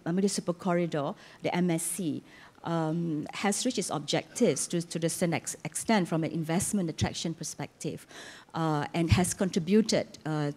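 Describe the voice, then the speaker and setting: A woman's voice: on the low side, a little mellow. A woman from Malaysia with a sore throat answering as a panelist at a conference, earnest and explanatory with some restarts. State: sore throat, losing her voice. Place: conference hall.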